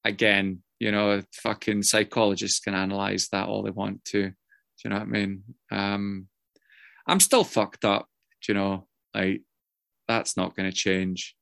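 A man's voice: on the low side, level tone, a little slow, vocal fry, a bit bright, no echo. A man sharing his story at a meeting, rambling and self-mocking, swearing freely with many ums and uhs, heard over a video call. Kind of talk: casual personal share.

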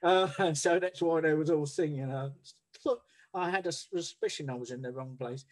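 A man's voice: on the high side, normal speed. A man telling his recovery story in a blunt, rambling way, swearing freely and restarting his sentences. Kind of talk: candid personal storytelling.

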